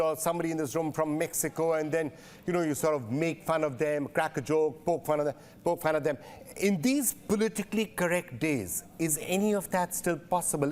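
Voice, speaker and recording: A male news interviewer puts probing questions to a guest. He builds them up with repeated phrases and stacked follow-ups. His voice sits a little high for a man. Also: a little mellow.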